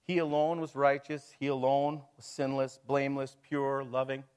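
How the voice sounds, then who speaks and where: A man's voice: mid-range voice, little pitch movement, moderate pace, a little mellow, smooth. Man, middle-aged, pastor, conversational sermon, rhetorical questions, chuckles.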